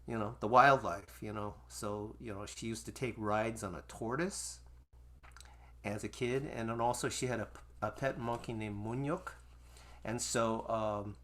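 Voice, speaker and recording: A man's voice: lowish voice, steady tone, a little slow, bright, forceful tone. A man in his sixties, a musician and teacher, talking casually and reading from his memoir over a video call, rambling with many restarts. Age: 60s. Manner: rambling and conversational, full of restarts. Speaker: musician and Asian American studies teacher. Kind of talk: casual talk with memoir reading to an online audience.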